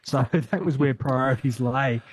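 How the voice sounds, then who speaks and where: A man's voice: medium pitch, unhurried, husky, no room sound, studio quality. A man, a history podcaster, telling history on radio in a playful, wry way. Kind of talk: radio interview.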